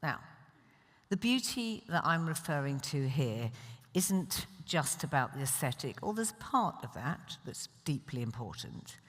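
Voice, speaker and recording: A middle-aged woman with a British accent giving a conversational keynote speech on a festival stage, animated and wry. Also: low-pitched, a little slow. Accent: British English. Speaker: keynote speaker. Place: large festival stage hall. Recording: long hall reverb.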